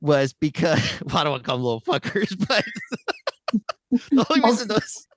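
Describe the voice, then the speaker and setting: Foul-mouthed, animated podcast host; mid voice, dry close sound. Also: mid-range voice, normal speed, no room sound. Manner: profane, blunt, laughs often. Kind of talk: casual movie review chat.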